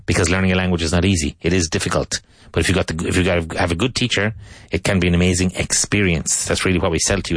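Deep-voiced man giving a rambling English lesson. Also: fairly bright tone, no echo. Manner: rambling and chatty, with frequent restarts; slow, repeated drilling of vocabulary words. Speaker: English teacher and radio host. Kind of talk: casual radio English lesson.

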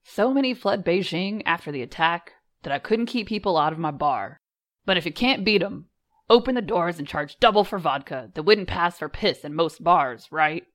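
Woman playing a gruff male crime boss, heavy accent, menacing, lowish voice, audiobook. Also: expressive, normal speed, close to an everyday voice.

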